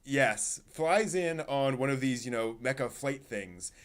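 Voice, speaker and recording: Animated man retelling an anime scene. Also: medium pitch, a little slow, a crowd in the background. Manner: animated storyteller, acts out quotes. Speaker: podcast host. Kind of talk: casual anime discussion.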